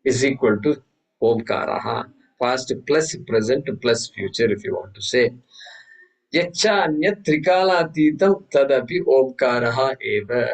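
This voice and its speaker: A man teaching a scripture class, telling stories with many restarts and reciting Sanskrit verses slowly. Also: mid-range voice, lively intonation, poor audio. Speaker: Vedanta teacher. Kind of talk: spiritual class lecture.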